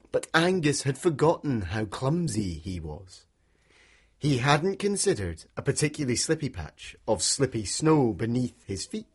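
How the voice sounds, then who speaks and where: Male storyteller for children, slow and husky, lots of pitch swings, keeps inviting the kids in. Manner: animated, inviting listeners to join in. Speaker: storyteller guide for a children's walk.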